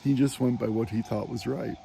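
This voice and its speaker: A man's voice: mid-range voice, steady tone, fairly quick, creaky, noisy background. A man recording a casual spoken meditation on a walking pilgrimage, rambling and hesitant with many fillers and frequent chuckles. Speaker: pilgrim vlogger.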